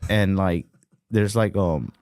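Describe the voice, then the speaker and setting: Low-voiced man in profane podcast banter. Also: slow pace, dry recording, studio quality. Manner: animated, profane, jumps into high-pitched quoted voices. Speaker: podcast co-host.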